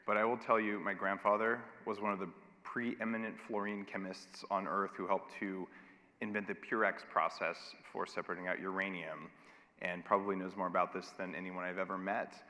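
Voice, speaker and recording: A man delivers a conference keynote in a lowish, bright and forceful voice. He sounds emphatic and wry. His words ring out with a long reverb in a large hall. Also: flat delivery, moderate pace. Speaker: keynote speaker.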